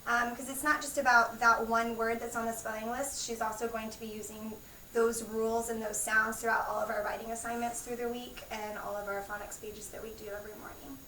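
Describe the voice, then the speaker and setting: A woman's voice: fairly high pitch, flat delivery, a little fast, bright, forceful tone. A woman first grade teacher explaining spelling and phonics to parents, giving friendly examples. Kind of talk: explaining to parents at a school meeting. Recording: echoey room, far from the mic, faint noise.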